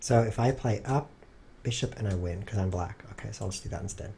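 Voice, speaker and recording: A man streaming himself playing chess, thinking aloud and cracking dry, deadpan jokes in low muttered asides. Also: brisk, gravelly, slight background noise.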